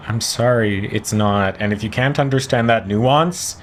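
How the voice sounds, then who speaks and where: A man hosting a reaction commentary, talking casually with sarcastic, animated interjections. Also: lowish voice, unhurried, slight background noise. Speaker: commentary host reacting to a clip.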